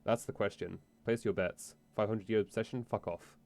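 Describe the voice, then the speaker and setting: A man's voice: on the low side, steady tone, moderate pace, a little mellow. A man streaming a game, chatting casually in a rambling, profane, self-interrupting way. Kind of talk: casual let's-play chat.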